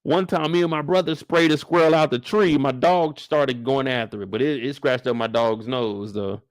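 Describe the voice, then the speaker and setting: A young man hosting a casual livestream recap, animated and profane, often leaping into high exclamations. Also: normal speed, no room sound, studio quality. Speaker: show host.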